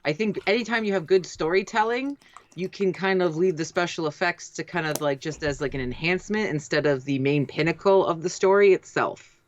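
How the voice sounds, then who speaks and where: A woman's voice: lowish voice, fairly quick, dull audio. A woman co-hosting a casual, tipsy livestream chat, talking loosely with giggles and swearing. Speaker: co-host.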